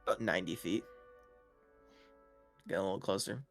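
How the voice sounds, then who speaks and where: A man's voice: deep voice, moderate pace, creaky, faint music behind. A young man narrating as game master for a tabletop game, casual and laughing often, with many fillers.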